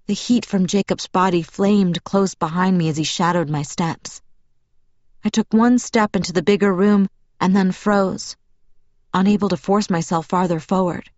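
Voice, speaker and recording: A woman giving steady first-person narration of an audiobook. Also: medium pitch, dry recording. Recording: dull, dry audiobook recording.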